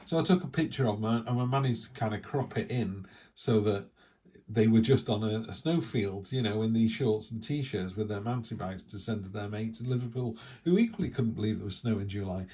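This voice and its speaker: Guy doing a chatty tarot reading, kinda low mellow voice, rambles a bit. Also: fairly quick. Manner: chatty, rambling, animated asides. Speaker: tarot reader. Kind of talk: casual spoken tarot reading.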